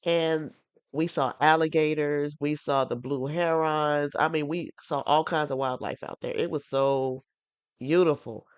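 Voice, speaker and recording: A woman's voice: sits low, steady tone, unhurried, clean tone, no room sound. A woman co-hosting a podcast, talking in a chatty, easygoing way. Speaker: podcast co-host. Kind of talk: casual chat.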